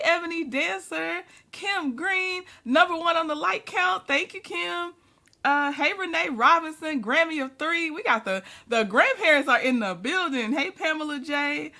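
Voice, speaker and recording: A woman with a high, bright voice hosting a casual livestream. She is chatty and laughs often as she greets viewers one by one. She sounds sleepy and keeps yawning. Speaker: livestream host.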